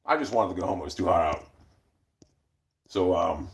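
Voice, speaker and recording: A man's voice: low-pitched, normal speed, creaky. A man telling stories in a casual, rambling monologue, blunt and profane, with many restarts. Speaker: storyteller.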